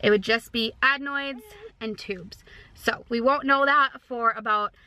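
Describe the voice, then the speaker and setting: A woman's voice: on the high side, steady tone, a little slow, pushed and bright, poor audio. A young pregnant woman with an Upper Midwest American accent, chatting casually in a family vlog and using many fillers and likes. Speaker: family vlogger. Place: out and about, car and store.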